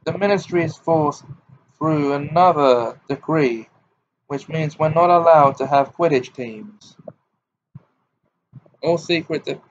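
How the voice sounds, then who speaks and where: A man reading the part of a wry, protective grown man in an audiobook, with a dry, brisk, amused delivery. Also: on the high side, lo-fi sound, slight background noise.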